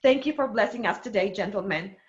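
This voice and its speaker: A woman's voice: fairly high pitch, unhurried, muffled recording. A woman hosting a live online show and closing it with effusive, emotional thanks. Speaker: show host and author.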